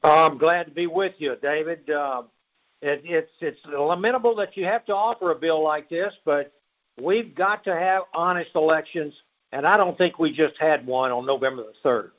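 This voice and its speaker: A man giving an earnest, measured phone interview as a guest. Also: fairly high pitch. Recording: tinny phone line.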